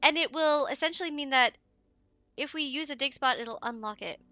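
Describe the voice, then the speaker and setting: A woman playing through a video game with excitable, giggly commentary. She sits high in her range with a bright, sharp tone. She gasps and coos at the in-game pets and chats freely to her viewers. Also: normal speed, no echo, muffled recording. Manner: excitable and giggly, gasping and cooing. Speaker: let's play streamer. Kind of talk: let's play commentary.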